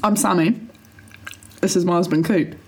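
A woman's voice: lowish voice, steady tone, moderate pace, a little hiss or hum. A woman co-hosting a casual home podcast with her husband, playful and giggly. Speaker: podcast co-host. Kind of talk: casual chat. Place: home living room. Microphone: podcast microphone.

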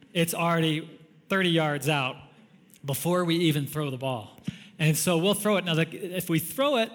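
Male pastor, slightly higher voice, chatty sermon storyteller who chuckles often, big hall reverb. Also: a bit bright. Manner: conversational, storytelling with frequent chuckles.

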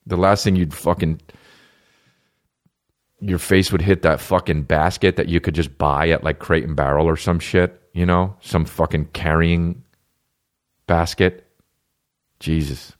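A man's voice: low-pitched, fairly even intonation, a little slow, long pauses. A man hosting a podcast, rambling in a casual comedic monologue full of swearing while he riffs on listener questions. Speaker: podcast host.

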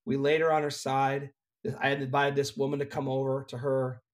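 A young adult man, a worship leader, telling an earnest, animated personal story in a relaxed conversation. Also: medium pitch, brisk.

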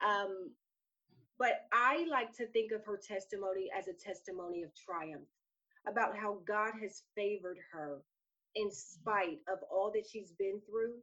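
A woman's voice: mid-range voice, a little slow, sharp tone. A woman hosting a ministry show who prays fervently, calling out "oh God" again and again, then talks casually. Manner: fervent, repeats "oh God" while praying. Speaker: ministry host. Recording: dull lo-fi sound.

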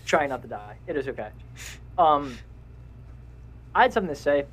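A man's voice: fairly high pitch, sing-song, normal speed, a bit bright, slight background noise, poor audio. A young man co-hosting a casual podcast, rambling and cutting himself off, laughing often. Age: young adult. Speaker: podcast co-host. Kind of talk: casual chat.

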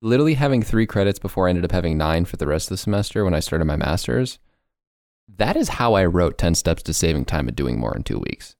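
A man in his twenties hosts a podcast in loose, jokey conversation, quick to laugh at himself. His voice sits very low but swings up and down with lots of expression. The recording is close and dry. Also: gravelly, no room sound. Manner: animated, joking and laughing. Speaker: podcast host. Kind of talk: casual chat.

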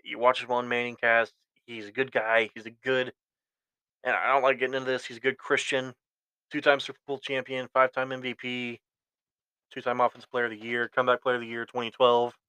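A man's voice: mid-range voice, completely flat delivery, brisk, sharp tone, smooth, dry recording, rough recording. Rambling man on a solo sports podcast. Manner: rambling, self-correcting, opinionated fan talk. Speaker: podcast host.

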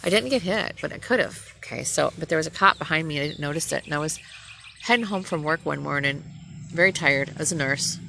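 Low gravelly woman ranting bluntly. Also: brisk, a little hiss or hum. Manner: blunt, profane, animated storytelling. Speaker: nurse. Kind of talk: ranting personal vlog.

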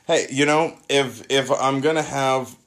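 A man hosting a podcast, joking and rambling in relaxed chat. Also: mid-range voice, a little slow. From United States. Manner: jokey, rambling with restarts. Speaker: podcast host.

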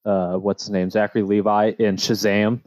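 A man co-hosting a podcast in casual chat, animated and joking, often quoting himself. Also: on the low side, normal speed, no echo. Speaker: podcast co-host.

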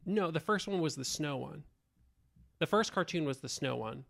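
A man with a fairly high voice and a gravelly, fry-laden edge, talking in a loose, casual podcast chat. He jumps between points and fires off quick, animated questions. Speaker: podcast co-host. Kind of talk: casual chat reviewing an old show.

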